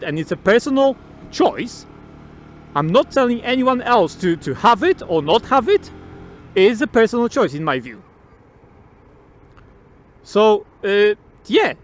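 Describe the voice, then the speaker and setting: A man with a fairly high voice talks to the camera from a motorbike outdoors. He rambles through his opinions in a loose, casual way. He swears freely and laughs often as he goes. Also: slight background noise. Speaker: motovlogger.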